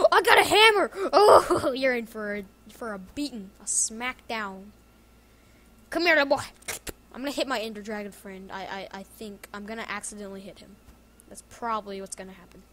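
A woman giving casual gameplay commentary as a video game YouTuber, excitable and jokey, often yelling and laughing at the match. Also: on the high side. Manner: jokey self-talk. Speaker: gaming YouTuber.

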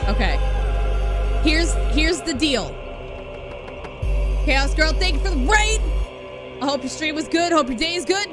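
Chatty high-voiced woman streaming a game. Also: unhurried, long pauses. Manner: chatty and expressive, swinging from gushing to grumbling. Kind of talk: live game streaming commentary. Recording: game music playing behind.

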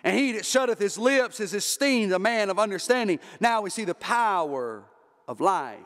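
A pastor preaching a sermon, with emphatic rises and drops and repeated phrases. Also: male voice, high-pitched, expressive, normal speed, fairly bright tone. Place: church sanctuary. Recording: reverberant church hall.

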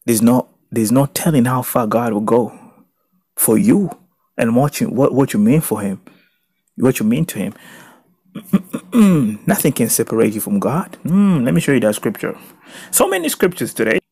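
Husky-voiced male pastor preaching. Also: medium pitch, very animated, moderate pace, pauses often, no room sound, clean studio sound. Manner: emphatic, swinging from soft reading to loud exclaiming. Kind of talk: sermon with scripture reading.

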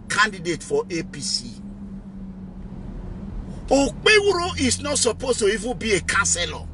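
Nigerian male activist host, high bright voice, emphatic rallying live-stream talk. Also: very animated, moderate pace, a little hiss or hum.

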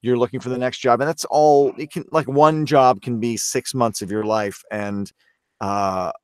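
A man's voice: medium pitch, fairly even intonation, normal speed, smooth, no echo, studio quality. A man from Canada, a voice actor guest, talking earnestly and self-critically in a casual podcast interview.

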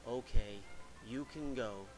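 A big greedy bridge troll from a storybook, put on by a man, drawing his threats out slowly and loudly. Music plays behind him. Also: close to an everyday voice. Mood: grudging. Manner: slow booming threats.

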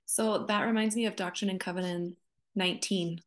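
A woman's voice: mid-range voice, fairly even intonation, moderate pace. Earnest woman guest quoting scripture. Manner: earnest, quotes scripture often and dramatizes with pleading quoted voices. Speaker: author and guest. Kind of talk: reflective faith conversation.

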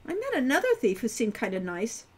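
A woman reading as a curious teenage girl adventurer in a storybook, casual and eager. Her voice is high and bounces lively through each line. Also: brisk, husky, full character voice.

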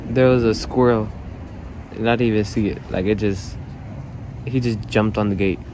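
A man's voice: lowish voice, fairly even intonation, normal speed, background noise. A man vlogging on the go, chatting to viewers in casual slang. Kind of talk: casual vlog talk to camera. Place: in a car, then a convenience store. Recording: music playing loudly behind.

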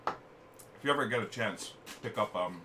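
A man's voice: fairly low pitch, normal speed, noisy background. A man hosting a live game stream, chatting casually and reading viewer comments aloud at a desk mic. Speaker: streamer host. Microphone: desk microphone.

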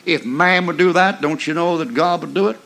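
A man's voice: a little high, fairly quick, creaky, a bit bright. Folksy preaching older man, drawl. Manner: folksy, emphatic preaching with mocking asides and chuckles. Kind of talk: sermon.

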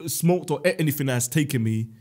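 Husky man telling comic stories. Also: medium pitch, fairly quick. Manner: animated, comic storytelling. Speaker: podcast co-host. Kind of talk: casual chat.

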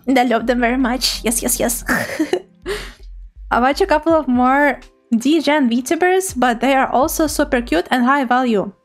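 A woman's voice: high-pitched, unhurried, soft background music. A woman VTuber streamer chatting casually with her viewers, bubbly and giggly, teasing playfully between thank-yous.

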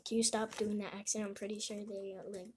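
A woman's voice: medium pitch, little pitch movement, quick pace. A woman joining her cousin as a guest, giggling and teasing her in a casual chat. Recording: noticeable background noise.

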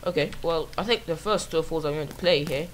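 A woman with a rough voice giving casual, self-mocking commentary while playing a video game, often exclaiming at the action. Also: low voice, a little fast, slight background noise, rough recording. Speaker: gamer.

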